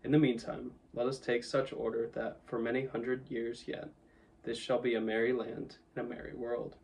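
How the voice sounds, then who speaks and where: A man voicing a wise, commanding male lion who speaks in a solemn, measured way, with some distance from the mic. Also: mid-range voice, flat delivery, vocal fry, a little mellow, a little hiss or hum, natural voice.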